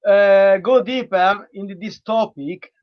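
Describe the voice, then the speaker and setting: High-voiced hesitant man on a dull call line. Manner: hesitant, many fillers, halting non-native phrasing. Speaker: interview host, relationship coach. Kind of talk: hosting a live online interview. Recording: dull lo-fi online call audio.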